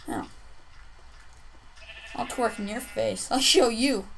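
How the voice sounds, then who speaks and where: A young woman commenting on her own gameplay, playfully trash-talking other players and shouting in bursts. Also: a little high, takes it slowly, vocal fry, pauses often, slight background noise, poor audio. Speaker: gaming youtuber.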